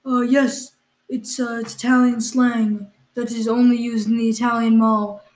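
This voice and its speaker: A woman co-hosting an improvised comedy podcast, her voice sitting a little high. She questions her partner in mock exasperation, padding her lines with ums and uhs. The room around her is echoey. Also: flat delivery, a little slow, a little mellow. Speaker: podcast co-host.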